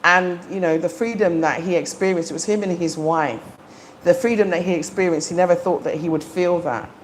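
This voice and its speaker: Woman, middle-aged, live-stream host; eager, casual, lots of ums, lowish voice, faint background noise. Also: a little fast. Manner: chatty and enthusiastic, frequent ums. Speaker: livestream host. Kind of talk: casual live chat to viewers. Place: home in the Gambia.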